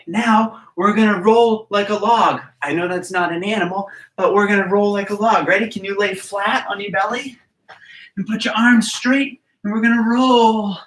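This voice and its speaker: An encouraging gymnastics coach talks simply to little kids and counts out each move while demonstrating. The voice sits back from the camera in a roomy gym, with plenty of echo around it. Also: mid-range voice. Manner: talks simply to small children and parents. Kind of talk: children's movement class. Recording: roomy, distant from the mic.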